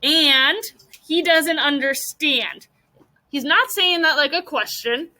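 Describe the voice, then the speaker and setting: Young lady teacher, high bright voice, patient, asks the class lots of questions. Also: takes it slowly, low-quality recording. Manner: patient, guiding questions to students. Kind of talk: classroom mini lesson.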